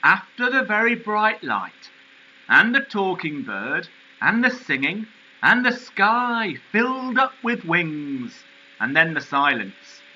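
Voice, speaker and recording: A man voicing a plain-spoken male sheepdog with a Northern English accent, telling his story slowly. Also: high-pitched, very animated, pushed and bright, dull audio, a little hiss or hum, full character voice. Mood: wistful. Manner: slow, homely storytelling.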